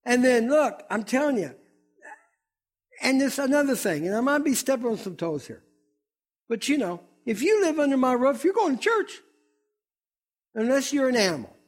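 A man's voice: very high voice, sing-song, moderate pace, pauses often. A middle-aged man preaching a sermon as pastor, fiery and emphatic.

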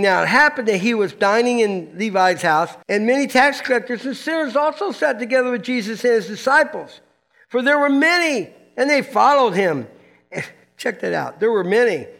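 Older guy pastor preaching, high gravelly voice, gets all loud then drops way down, says dude and man a lot. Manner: animated, swings between loud excitement and quiet emphasis; folksy, surfer slang. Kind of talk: sermon.

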